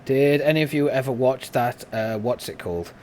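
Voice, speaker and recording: A man's voice: normal speed, a little hiss or hum. A man hosting a podcast on his live stream, chatting casually and laughing often. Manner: joking, laughs often, lively swings in pitch.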